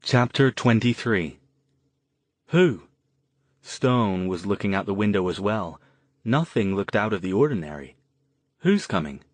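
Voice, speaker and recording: A man narrates an audiobook in a measured, even manner. His voice sits fairly low and the recording is dry and close, with no room sound. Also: dry recording. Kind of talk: scripted narration.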